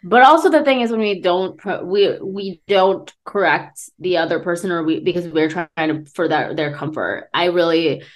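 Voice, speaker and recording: A woman's voice: lowish voice, moderate pace, few pauses. A young woman from the United States co-hosting a podcast, talking in an earnest, reflective way. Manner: earnest, reflective, thinks aloud. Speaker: podcast co-host. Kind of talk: casual chat.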